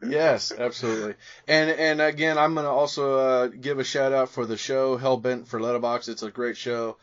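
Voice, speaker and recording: A man's voice: medium pitch, fairly even intonation, moderate pace. A man hosting a podcast, chatting in an upbeat, rambling way and introducing his guest. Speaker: podcast host. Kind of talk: casual podcast chat. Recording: dull lo-fi sound.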